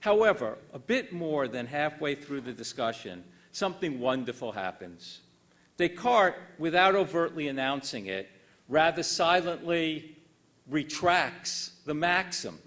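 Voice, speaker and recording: Older man giving a lively academic lecture. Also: on the high side. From United States. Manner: dry wit, measured emphasis. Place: lecture hall.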